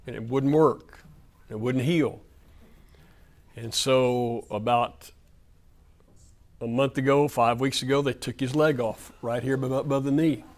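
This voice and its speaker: A man leading a Wednesday night Bible study before a church audience, speaking emphatically with lots of repetition and slipping into folksy storytelling. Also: medium pitch.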